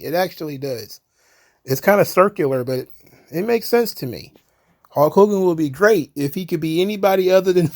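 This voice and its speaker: A man hosting a commentary channel, talking casually in a sarcastic, profane way and laughing at his own jokes. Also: a little high.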